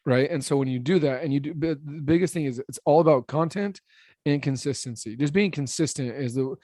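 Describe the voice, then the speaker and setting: A man in his thirties who owns a roofing business, a podcast guest talking fast and blunt, slurring his words a little. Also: no echo, clean studio sound. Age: 30s. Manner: blunt, animated, salesman-like pitching. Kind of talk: casual podcast interview.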